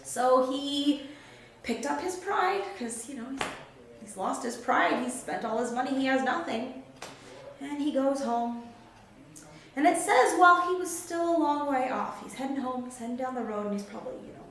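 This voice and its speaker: A woman telling a Bible story to children in an animated way, acting out the characters' lines. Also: sits high, moderate pace, distant mic. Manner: animated, acts out characters' quotes. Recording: very echoey room, faint background noise.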